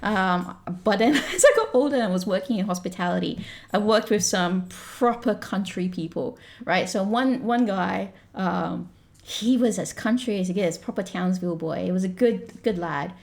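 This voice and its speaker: A woman's voice: medium pitch, normal speed, gravelly, darkish tone. Chatty woman telling rambling stories. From Australia. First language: not English. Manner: chatty, rambling storyteller with frequent laughs and restarts. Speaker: guest. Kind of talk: casual podcast chat.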